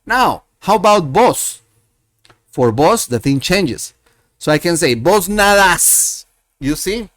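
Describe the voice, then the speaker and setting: Slow, patient male language teacher. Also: sits high, animated, a bit bright, no echo, clean studio sound. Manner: slow, patient, repeats examples deliberately. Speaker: Spanish teacher. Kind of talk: screen-share language lesson.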